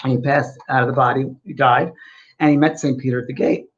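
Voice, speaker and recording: With a mid-range voice and fairly even intonation, this male co-host speaks quickly and earnestly, storytelling and restating his points to drive them home. The casual spiritual talk show is recorded with dull, lo-fi audio.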